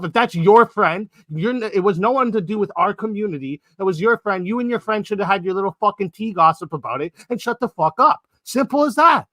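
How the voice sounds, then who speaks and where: An angry man with a high, bright, forceful voice accuses a fellow panelist, swearing hard and refusing to let go. The sound is dry and close. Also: lively intonation, brisk, few pauses, no echo. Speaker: panel participant. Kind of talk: heated online debate.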